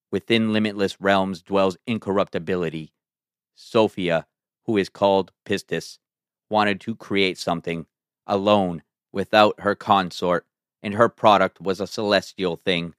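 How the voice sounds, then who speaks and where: A man, a podcast host, reading an ancient text aloud in a measured, solemn way. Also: deep voice, fairly even intonation, a bit bright, smooth, no room sound, studio quality.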